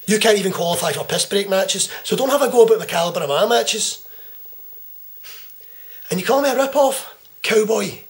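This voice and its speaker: A Scottish man in his twenties cutting a profane, taunting wrestling promo that swings between loud jabs and hushed menace. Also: high voice, expressive, normal speed, pauses often. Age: 20s. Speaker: pro wrestler. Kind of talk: trash-talk wrestling promo.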